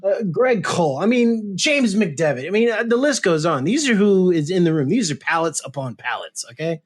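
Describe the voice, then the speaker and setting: A man's voice: high voice, expressive, moderate pace, husky. Playful man co-hosting a podcast. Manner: playful, teasing. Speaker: podcast co-host. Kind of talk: casual comedic chat.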